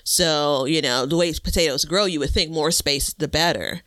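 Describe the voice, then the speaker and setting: A man co-hosting a relaxed gardening talk show from home on a computer mic, easygoing and self-deprecating, with lots of fillers. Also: fairly high pitch, moderate pace, dry recording. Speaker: podcast co-host. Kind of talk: casual gardening chat.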